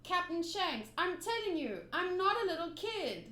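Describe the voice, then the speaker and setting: A woman's voice: very high voice, very animated, moderate pace, sharp tone, pitched above the performer's own voice, full character voice. A woman voicing an eager young boy who wants to be a pirate, reading his lines earnestly and insistently. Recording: roomy room echo.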